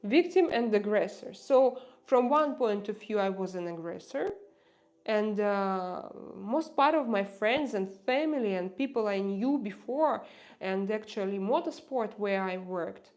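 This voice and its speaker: A woman with a Russian accent, a non-native English speaker, chatting casually with viewers on her livestream, often pausing and restarting as she searches for words. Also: mid-range voice, expressive, a little mellow. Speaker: livestream host.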